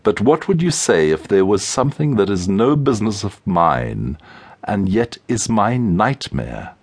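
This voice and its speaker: A male audiobook narrator voicing a spirited, impatient young woman who speaks briskly and with exasperation. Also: on the low side, sing-song, slightly rough, full character voice. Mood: earnest. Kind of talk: audiobook character reading.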